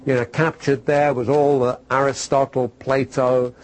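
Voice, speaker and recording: A man's voice: medium pitch, flat delivery, a little slow, low-quality recording. A man preaching a sermon to a congregation in a conversational way, asking rhetorical questions and telling stories. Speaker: pastor.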